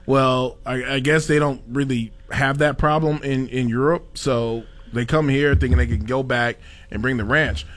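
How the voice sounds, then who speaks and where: A man's voice: mid-range voice, fairly even intonation, moderate pace, fairly bright tone. A man hosting a casual talk show, reading a sponsor spot and rambling with lots of fillers and chuckles. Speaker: show host. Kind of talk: casual chat with a sponsor read.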